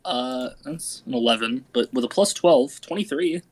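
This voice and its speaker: A man talks through his moves as a player in a tabletop game. His voice is in a mid range, and his delivery is relaxed and matter-of-fact. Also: medium pitch, moderate pace, rough recording. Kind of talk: casual tabletop game play.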